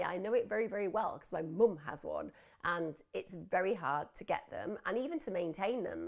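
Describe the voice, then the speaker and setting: A woman's voice: medium pitch, creaky. A middle-aged woman hosting a live wellbeing clinic, answering viewer questions in a reassuring therapist's manner. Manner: warm, reassuring therapist talk. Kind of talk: live advice chat, reading viewer questions.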